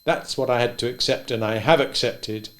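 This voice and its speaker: A man voicing a wry, stubborn old male farmer who speaks gently and thoughtfully, a bit louder than his narration. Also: mid-range voice, moderate pace, natural voice. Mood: wistful.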